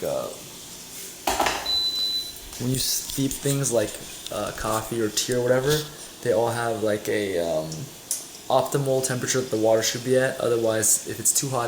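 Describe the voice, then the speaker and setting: A man's voice: medium pitch, darkish tone, slight background noise. A young man casually narrating his day's food while making coffee at home, chatty and rambling, often correcting himself. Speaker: vlogger. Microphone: camera mic.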